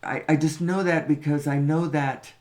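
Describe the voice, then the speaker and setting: A man's voice: on the high side, steady tone, moderate pace, darkish tone. A man giving a rambling spoken monologue on spiritual and social questions, often repeating himself, asking rhetorical questions and cursing casually. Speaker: spiritual talk host.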